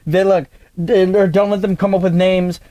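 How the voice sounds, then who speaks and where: A man's voice: sits high, level tone, normal speed, mellow, slight background noise. A man co-hosting a podcast, chatting casually and riffing with jokes. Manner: jokey, riffing. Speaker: podcast co-host. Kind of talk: casual chat.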